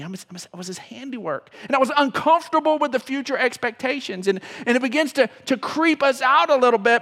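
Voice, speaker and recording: A man preaching a sermon as pastor, emotional, swinging from loud to hushed. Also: very high-pitched. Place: church sanctuary. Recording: long reverb of a church hall.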